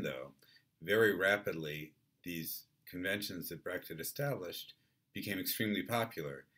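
A male lecturer with a low, husky voice explains ideas in a clear, measured way. His tone is bright and crisp-edged despite the depth. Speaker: theatre lecturer. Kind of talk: university lecture.

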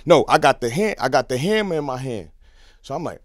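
A man telling a story in a casual podcast interview, swinging from hushed to shouting. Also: medium pitch, lively intonation, brisk, dry recording, clean studio sound. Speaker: guest. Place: podcast studio.

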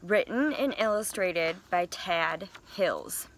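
A woman teacher reading a picture book aloud to young children, in a gentle, expressive storytelling manner. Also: lowish voice, slow, a little hiss or hum.

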